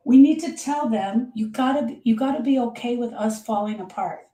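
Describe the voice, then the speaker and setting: Woman, grief specialist, live talk; emphatic and direct, repeats her points; higher, mellow voice. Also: moderate pace. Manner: emphatic, repetitive, direct advice.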